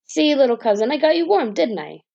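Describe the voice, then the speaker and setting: A woman plays a fearless, cheeky storybook boy with a lifted, bright voice and a gravelly edge. He sounds bold and unbothered. The recording is dull and lo-fi. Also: sits high, big pitch swings, brisk, pitched above the performer's own voice, full character voice.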